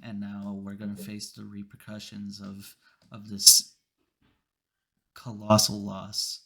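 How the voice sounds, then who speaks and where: A man's voice: lowish voice, completely flat delivery, a little slow, vocal fry, sharp tone. Rambling swearing man hosting a podcast. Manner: rambling, mock-serious, swearing storyteller. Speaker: podcast host. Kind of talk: casual chat.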